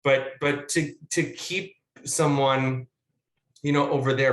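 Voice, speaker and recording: Animated rambling male actor, roomy echo. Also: medium pitch, unhurried. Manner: animated, rambling storyteller with filler words and profanity. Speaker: guest actor. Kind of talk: casual conversational teaching.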